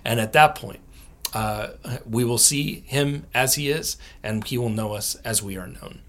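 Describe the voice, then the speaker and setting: A man, a theologian and author, answering podcast interview questions with lively storytelling, often laughing and acting out what others said. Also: mid-range voice, measured pace. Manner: animated, laughs often, acts out quotes.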